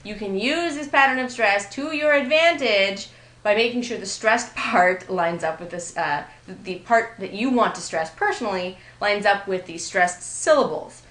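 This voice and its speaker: Writing teacher, woman, mid-pitched voice, recorded grammar lecture, echoey room. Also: lively intonation, moderate pace, fairly bright tone. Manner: explanatory, lightly amused, reads examples aloud. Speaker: writing instructor. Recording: roomy echo.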